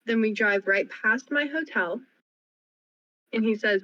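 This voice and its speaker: A young woman co-hosting a casual radio chat, telling a story in an animated, rapid way full of "like". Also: a little high, lo-fi sound. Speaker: co-host. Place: radio studio.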